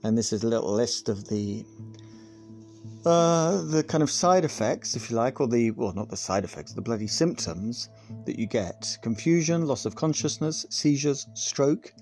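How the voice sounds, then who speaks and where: Sweary, gravelly-voiced male podcast host. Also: mid-range voice, lively intonation, moderate pace, darkish tone, faint music behind. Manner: sweary, sarcastic, rambling asides. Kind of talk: comic political monologue.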